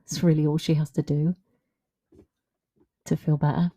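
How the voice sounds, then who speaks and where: Low-voiced woman coaching, frank. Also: moderate pace. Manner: frank, conversational, animated. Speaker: confidence coach. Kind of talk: solo podcast monologue.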